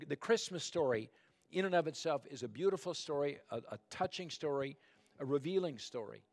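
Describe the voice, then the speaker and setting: A man preaching a sermon as pastor, talking conversationally and speaking straight to the congregation, and dropping to a soft, hushed tone when calling for prayer. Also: medium pitch. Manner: conversational storytelling, addresses the congregation directly.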